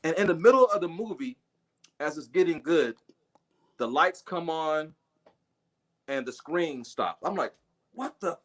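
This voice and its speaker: A middle-aged man tells stories on a livestream with a slightly high voice. His pitch swings widely, and he swears freely and acts out other people's lines along the way. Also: a little slow, pauses often. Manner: animated, profane, acts out voices. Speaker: guest storyteller. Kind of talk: casual livestream storytelling.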